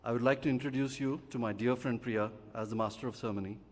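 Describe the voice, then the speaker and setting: Man, 40s, formal earnest speech, mid-pitched voice, long hall reverb. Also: fairly even intonation, a little mellow. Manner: measured, earnest and heartfelt. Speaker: father of the performer giving a welcome speech. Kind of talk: prepared formal speech at a live event. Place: large auditorium. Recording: long reverb of a live auditorium.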